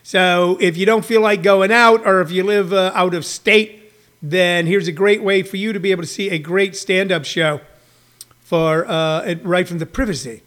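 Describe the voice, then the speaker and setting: A man with a notably high voice talks to his livestream viewers like a stand-up comedian. He riffs loosely, rambling through fillers as he jumps between bits. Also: steady tone, moderate pace, a bit bright. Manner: riffing, rambling, with frequent fillers and put-on voices. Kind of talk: casual comedic livestream chat.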